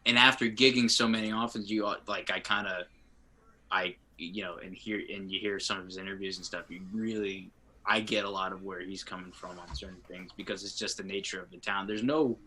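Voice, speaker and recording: A young man from New Jersey chats in a casual interview, his slightly low voice carrying a sharp, very bright tone. He is laid-back and jokey, often trailing off mid-sentence. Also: fairly even intonation, a little fast. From Asbury Park area, New Jersey. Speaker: band frontman guest.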